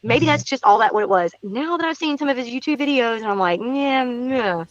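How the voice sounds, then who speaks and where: A woman's voice: fairly high pitch, brisk, lo-fi sound, background noise. A woman telling a story in casual talk, acting out what people said and repeating phrases for emphasis. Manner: animated, acts out quotes, repeats herself. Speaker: guest recounting neighborhood encounter.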